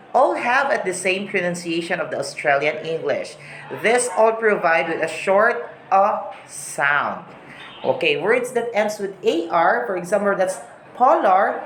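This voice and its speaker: Woman, teacher, repeats words slowly, echoey room, faint background noise. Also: mid-range voice. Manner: slow, repeats example words to model pronunciation. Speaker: English teacher. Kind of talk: recorded lesson on English accents.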